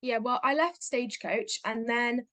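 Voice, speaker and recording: A woman's voice: fairly high pitch, unhurried, pushed and bright, no room sound. A teenage girl chatting as an interview guest about her acting, upbeat and full of fillers, acting out little quotes as she talks. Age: teens. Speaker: guest, young actor. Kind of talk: casual interview chat.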